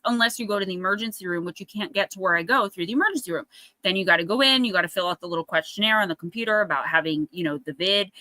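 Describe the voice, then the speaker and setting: Woman host, bright, dry close sound, chatty storyteller, acts out quotes. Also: medium pitch, no room sound, poor audio. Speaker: oracle card reader and livestream host. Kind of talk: casual chat on a live stream.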